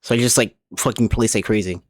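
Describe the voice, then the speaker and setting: A man with a somewhat low voice gives loose live commentary while he plays. He sounds a little drunk, swears freely and keeps repeating and restarting his sentences. His talk wanders from one thought to the next. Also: steady tone, quick pace. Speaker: streamer. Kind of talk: casual live gaming commentary.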